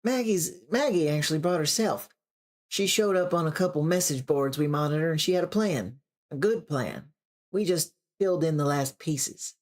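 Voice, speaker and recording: A reader voicing a calm, motherly older woman who speaks gently and coaxingly. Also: medium pitch, normal speed, voice pushed up, close to an everyday voice. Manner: gentle, coaxing, calls people darling.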